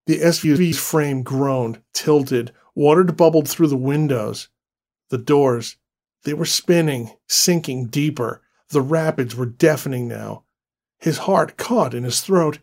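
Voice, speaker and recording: A man giving a scripted horror story narration in a slow, deliberate, dramatic way. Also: fairly high pitch, darkish tone.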